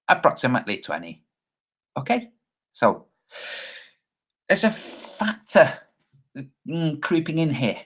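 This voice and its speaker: Man, husky and lively, sarcastic video commentator, chatty and informal. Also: on the high side. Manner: chatty, sarcastic, keeps asking "okay?". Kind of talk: casual commentary over videos.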